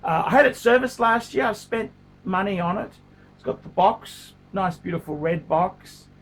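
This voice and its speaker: A man's voice: sits high, normal speed, fairly bright tone. A middle-aged man, talking casually to camera in a blunt, profane way and often repeating himself. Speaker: watch collector vlogger.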